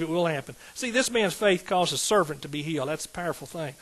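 A man's voice: fairly high pitch, lively intonation, fast talker, fairly bright tone, low-quality recording. A middle-aged man, a pastor preaching a sermon in an emphatic call-and-response style with rising outbursts.

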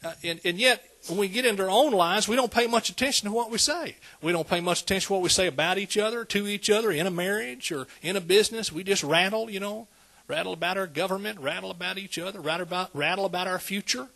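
A man's voice: high-pitched, quick pace, creaky, few pauses, bright, forceful tone. A man preaching a sermon, conversational and calling out to the congregation. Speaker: pastor.

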